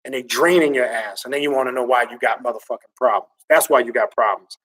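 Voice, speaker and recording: A man hosting a livestream, reading viewer comments and ranting in an excitable, animated, profane way. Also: medium pitch, quick pace, recorded from a distance, poor audio. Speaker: occult channel host reading viewer comments.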